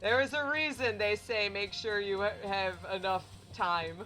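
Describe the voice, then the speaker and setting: A young woman chatting casually and jokingly while playing a game, bubbly and animated. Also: medium pitch, measured pace. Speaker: game streamer. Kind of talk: casual let's-play commentary. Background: faint game music.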